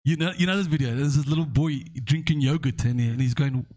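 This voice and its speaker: A man's voice: on the high side, fast talker, a little mellow. A man hosting a podcast, rambling through stories and history while checking in with "okay?". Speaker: podcast host. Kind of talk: casual podcast discussion.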